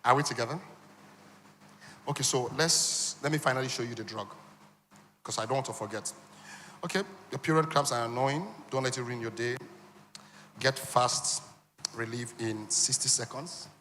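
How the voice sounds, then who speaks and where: A man giving a lively motivational talk at a business conference, now and then acting out other people's voices. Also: normal speed, long pauses, slight background noise. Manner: animated, acts out high voices for women. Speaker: conference speaker. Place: large conference hall. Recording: reverberant hall.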